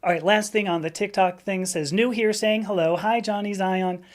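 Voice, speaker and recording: A woman's voice: medium pitch, fairly even intonation, normal speed. Chatty Valley-accented woman live streaming. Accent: Southern Californian Valley. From Southern California. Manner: chatty and candid, with frequent fillers and restarts. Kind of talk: casual live-stream chat, reading viewer comments.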